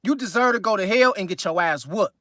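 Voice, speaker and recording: A man with a California accent hosting a casual live stream, reading chat aloud and telling loose, profane, animated stories. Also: high voice, fairly quick, dry recording, studio quality. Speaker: livestream host reading chat.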